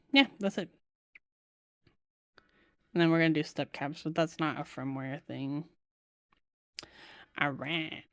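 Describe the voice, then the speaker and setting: A woman's voice: low voice, clear, resonant tone, dry recording, clean studio sound. A young woman chatting casually on a live stream while building a keyboard, giggling often and cooing to her cat.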